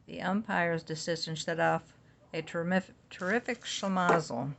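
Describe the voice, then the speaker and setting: A woman with a fairly low voice reads word entries aloud from a book, in an easygoing way. She breaks off now and then for chatty remarks of her own. A faint hiss and small clicks sit under her voice. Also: measured pace, vocal fry, fairly bright tone. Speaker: podcast host reading from a book. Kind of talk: casual reading aloud with asides.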